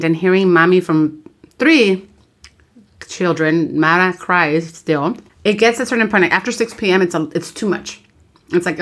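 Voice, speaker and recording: A woman in her thirties, a mother of three, co-hosting a podcast and telling frank, lively stories while switching between English and Spanish. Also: lowish voice. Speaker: podcast co-host. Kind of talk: casual chat.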